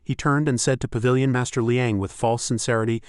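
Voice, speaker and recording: A man narrating a story recap in a steady, even storytelling way. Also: medium pitch, brisk, smooth, dry recording, studio quality.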